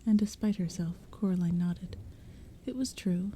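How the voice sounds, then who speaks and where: A woman reading a storybook aloud as whispered role-play, in a soft, hushed, mostly unvoiced whisper, with faint rain behind her. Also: fairly low pitch, normal speed, slight background noise. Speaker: ASMR audiobook reader. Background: soft rain and thunder.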